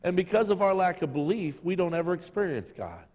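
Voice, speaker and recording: A middle-aged male pastor delivering a sermon with a lively, swooping voice that sits a little high. He tells jokey stories and acts out other people's lines. His voice rings out with a long hall reverb. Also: a little fast. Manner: jokey storytelling, acting out voices. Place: church sanctuary.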